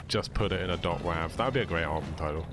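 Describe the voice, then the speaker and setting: A man's voice: low-pitched, fairly quick. A young man with a British accent giving laid-back, joking commentary on a speedrun, explaining tricks as he plays. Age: young adult. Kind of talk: casual live-stream commentary. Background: game music.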